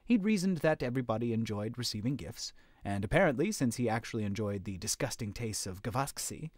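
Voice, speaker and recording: A man's voice: mid-range voice, a little fast, no echo. A man reading a fantasy story aloud on a live stream, narrating steadily. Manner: steady narration with occasional slips.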